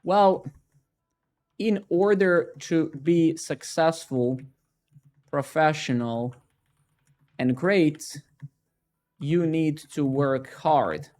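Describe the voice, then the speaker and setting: A man putting on the voice of a smug male networking-site influencer, speaking slowly and self-importantly. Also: a little high, a little mellow. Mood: pompous. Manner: slow, drawn-out, self-important delivery.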